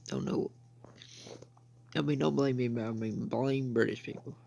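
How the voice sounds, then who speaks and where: A man's voice: medium pitch, steady tone, normal speed, vocal fry, warm tone. A young man from the United States rambling through casual gameplay commentary, saying "I mean" and "bro" again and again. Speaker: gaming channel host.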